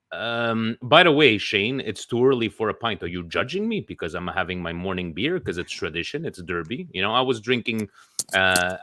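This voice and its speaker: A man's voice: fairly low pitch, pushed and bright, dry recording. Chatty host man, dry sound. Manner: chatty, teasing, jumps between guests. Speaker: podcast host. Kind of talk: casual group video chat.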